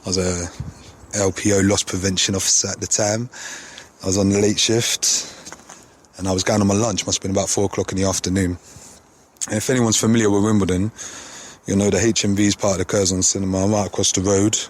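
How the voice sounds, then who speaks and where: A man's voice: deep voice, level tone, fairly quick, a little hiss or hum. A man telling a casual anecdote, full of slang and swearing. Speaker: storyteller.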